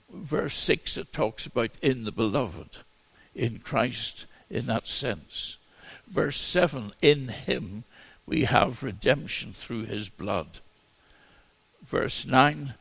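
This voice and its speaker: A man teaching through a Bible passage as a preacher, in a halting way full of repeated words and restarts. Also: medium pitch, a bit bright. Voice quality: gravelly, husky voice.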